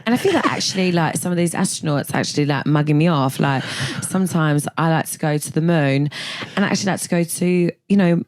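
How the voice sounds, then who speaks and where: A woman plays a cheeky, chatty female astronaut with a broad Essex accent. She rambles on in a low, easy voice. The sound is dry and close. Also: fast talker, darkish tone, no echo, natural voice. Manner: rambling, offhand.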